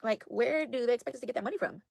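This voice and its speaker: A woman's voice: on the high side, racing, vocal fry, darkish tone, no echo. A woman livestreaming casual chat to her viewers, rambling and exasperated, repeating herself as she talks. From United States. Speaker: livestream host.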